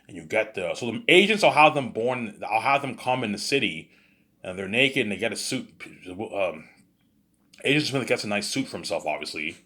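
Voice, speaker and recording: Rambling, husky low-voiced man. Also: expressive, normal speed, bright, forceful tone. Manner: repetitive filler, stumbling restarts; boastful, rambling. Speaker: storyteller, vlogger. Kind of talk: rambling improvised storytelling.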